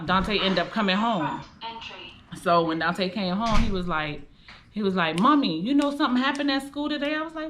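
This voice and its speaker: Bright-voiced woman telling a raw story. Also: mid-range voice. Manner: candid and blunt, heavy cursing, heartfelt. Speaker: vlogger telling a personal story. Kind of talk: emotional storytime monologue.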